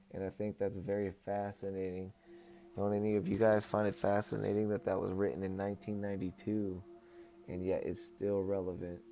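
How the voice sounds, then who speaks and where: Male stream host, even-toned, measured reader who slips into relaxed chat with viewers. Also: deep voice, a little hiss or hum. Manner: calm, measured reading, turning casual and friendly when greeting chat. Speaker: livestream host reading aloud. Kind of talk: reading a book aloud on a livestream, chatting with viewers.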